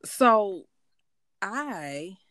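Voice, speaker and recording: A woman co-hosting a podcast in casual chat, unhurried and agreeable, cheering her partner on as she shares a story. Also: medium pitch, sing-song, fairly bright tone, no room sound, studio quality. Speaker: podcast co-host.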